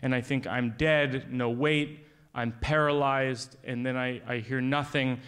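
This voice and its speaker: A man telling a long comic story on stage, with a dry, wry, deadpan delivery. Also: medium pitch, measured pace, clear, resonant tone. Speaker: comedian. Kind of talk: stand-up storytelling.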